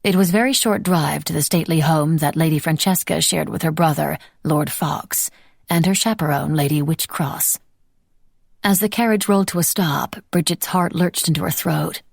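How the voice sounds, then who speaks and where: A woman narrating an audiobook in a measured storytelling manner. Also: sits low, gravelly, a little mellow, breathy edge, dry recording, studio quality.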